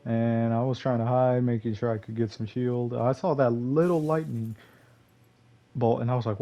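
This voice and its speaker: A man's voice: mid-range voice, fairly even intonation, normal speed, warm tone, muffled recording. A young man from Texas commentating on his own gameplay in a rambling, loose way, full of fillers and curses. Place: home gaming room.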